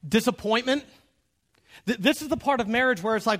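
Middle-aged male pastor, higher-pitched voice for a man, lively humorous sermon delivery. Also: brisk, long pauses. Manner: animated, acts out quoted dialogue; humorous, direct address to the audience.

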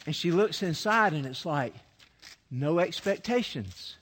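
Unhurried and high-voiced, a man preaches an animated sermon, acting out scenes from scripture and frequently restarting sentences as he builds his points. His voice rings through a large church sanctuary's long reverb, with a little hiss or hum.

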